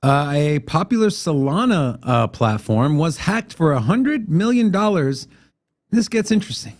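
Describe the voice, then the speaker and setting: A man walks through a news item in an easygoing, chatty way. His voice sits a little high and moves lively up and down as he reads and comments. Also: a little slow. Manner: conversational, explaining and reading out quotes. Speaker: co-host.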